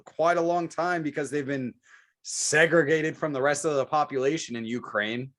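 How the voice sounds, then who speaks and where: A man's voice: a little high, normal speed, fairly bright tone. A man co-hosting a podcast, talking politics in a heated, profane, rambling way. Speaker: podcast co-host. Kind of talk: casual political chat.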